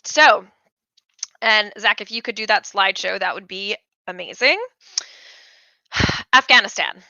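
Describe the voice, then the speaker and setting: A woman's voice: medium pitch, a little slow, creaky, sharp tone, no room sound, lo-fi sound. A woman hosting a political commentary show, chatty and opinionated with jokey asides. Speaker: host.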